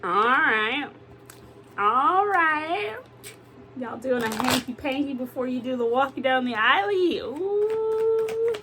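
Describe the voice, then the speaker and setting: A woman doing a casual tarot reading to camera, animated and exclamatory, swearing freely. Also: high voice, normal speed, few pauses, background noise. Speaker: tarot reader.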